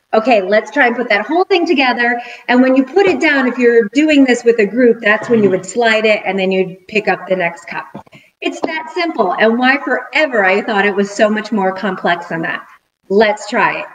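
A middle-aged woman teacher giving a cheerful video lesson to young children, counting out rhythms slowly and clearly. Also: on the high side, animated, rough recording. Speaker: school teacher.

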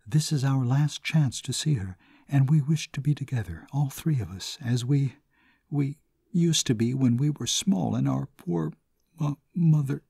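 Male reader as devoted grieving nun, lifted pitch, husky, breaking voice, storybook reading. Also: measured pace, mellow, no echo, studio quality. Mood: grieving, pleading. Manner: pleading, breaking with grief.

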